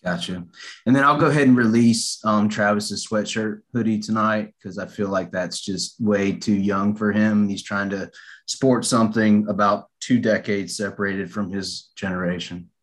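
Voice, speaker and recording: Deadpan low-voiced man calling in. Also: moderate pace. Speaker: caller. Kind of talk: casual call-in chat.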